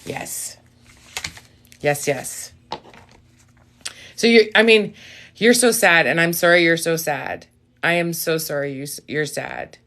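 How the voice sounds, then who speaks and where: A woman with a slightly low voice hosts a casual live-stream reading. She talks straight to her viewers, blunt and quick to swear. Now and then she jumps up in excitement, then sinks into a quiet aside. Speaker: live-stream tarot reader.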